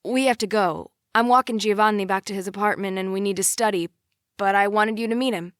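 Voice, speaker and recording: A woman's voice: mid-range voice, a little fast, no room sound, studio quality, pitched above the performer's own voice, close to an everyday voice. Woman reading as an earnest young brother. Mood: nervous, eager. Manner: earnest, firm about his sister. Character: young man, protective older brother, easygoing. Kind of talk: audiobook character voice.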